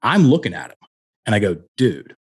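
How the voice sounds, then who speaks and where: A middle-aged coach speaks as a guest on a podcast through a headset mic, his voice low and slightly husky. He tells his stories with animation and acts out each character's lines as he goes. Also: lively intonation, normal speed. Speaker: guest, personal development coach. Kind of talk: storytelling in a podcast interview.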